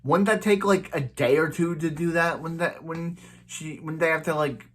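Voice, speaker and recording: A man's voice: on the high side, steady tone, moderate pace. A man casually recapping a TV episode, rambling with many restarts and "he's like" retellings. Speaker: TV episode reviewer.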